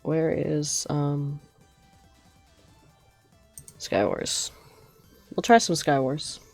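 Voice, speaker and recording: A woman's voice: sits low, extremely slow, creaky, a little mellow, faint music behind. A young woman streaming a game, chatting and telling rambling stories with frequent giggles. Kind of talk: casual gameplay storytelling.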